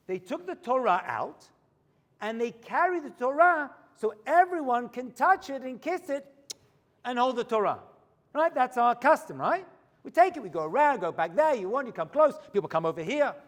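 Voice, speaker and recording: A man preaching a storytelling sermon as a rabbi in a synagogue, swinging from hushed asides to loud high points. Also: sing-song, normal speed, in a large hall.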